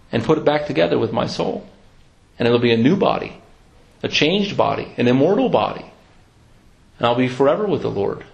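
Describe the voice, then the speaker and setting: Earnest man preaching a sermon. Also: fairly high pitch. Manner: earnest, reflective, quotes scripture slowly.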